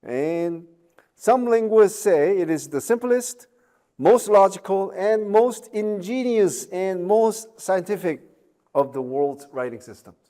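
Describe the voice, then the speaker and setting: Male lecturer, slightly high voice, slow and chatty, joking asides, lots of "okay?" and "right?". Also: dark tone. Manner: chatty, joking asides, many fillers and tag questions. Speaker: university lecturer. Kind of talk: recorded online lecture.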